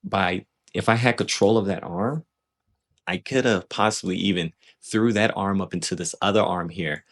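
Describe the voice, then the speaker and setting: A man's voice: low-pitched, normal speed. A man casually breaking down footage of his own grappling match, loose and self-critical, often checking in with "right?".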